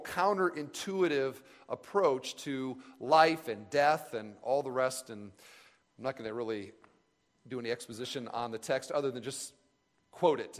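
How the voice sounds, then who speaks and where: A man giving an earnest, reflective sermon at a camp retreat, pausing and restarting as he speaks. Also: medium pitch. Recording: long reverb of a large hall.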